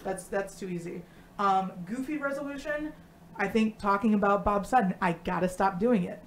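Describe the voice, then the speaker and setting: A woman co-hosting a live stream, talking casually and bluntly with lots of swearing and animated storytelling. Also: mid-range voice, moderate pace, slight background noise. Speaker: co-host.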